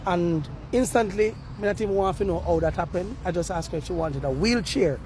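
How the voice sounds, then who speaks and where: Earnest Jamaican man, high voice. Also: fairly quick, a little mellow, soft background music. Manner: earnest, pleading, slips into patois. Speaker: street reporter. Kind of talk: on-the-spot appeal to viewers. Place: outdoors on a university campus.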